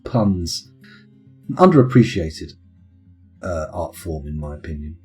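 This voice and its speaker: A man's voice: deep voice, lively intonation, unhurried, mellow, soft background music. A man with children, chatting casually and rambling into punning tangents while streaming a game. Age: adult with children. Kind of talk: casual live-stream commentary.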